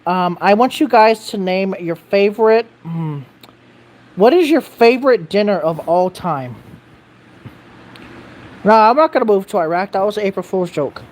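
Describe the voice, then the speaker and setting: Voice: mid-range voice, animated, moderate pace, pauses often, a little mellow. Rambling livestreamer chatting with viewers. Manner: rambling, self-correcting, reads viewer comments aloud; blunt, swears casually. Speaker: live streamer answering viewer chat. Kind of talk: casual livestream chat.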